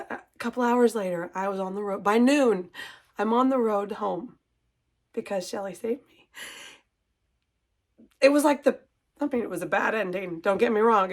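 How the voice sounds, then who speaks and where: A middle-aged woman who runs a cross-stitch shop, chatting casually to her viewers in an emotional, gushing way and holding back tears. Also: mid-range voice. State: tearful, composing herself. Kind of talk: casual chat to camera.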